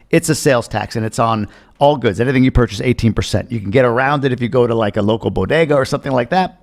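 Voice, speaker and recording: A man from the United States giving candid, chatty reaction commentary on a travel video, sometimes mimicking loud talk. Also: mid-range voice, creaky.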